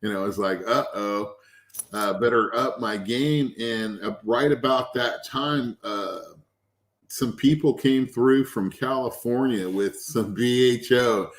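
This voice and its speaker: A man who is the guest, a cannabis extract maker, telling casual stories with lively anecdotes and acting out the people he quotes. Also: medium pitch, slow pace. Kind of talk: casual storytelling.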